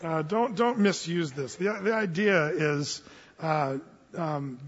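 A man's voice: on the high side, slow pace, noisy background. A man preaching a conversational sermon, folksy and humorous, with frequent stumbles and restarts. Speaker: pastor. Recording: dull, reverberant hall sound.

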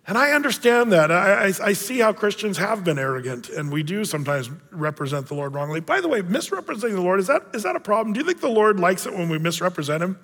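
A man's voice: high-pitched, very animated, fast, few pauses, fairly bright tone, in a large hall. A man preaching a sermon as a pastor, in a conversational way with joking asides.

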